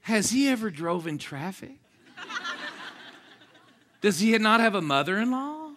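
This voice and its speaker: A man preaching an energetic sermon, joking with the crowd and swinging between low asides and shouted exclamations. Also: measured pace, slight background noise. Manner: jokey, asks the crowd for responses.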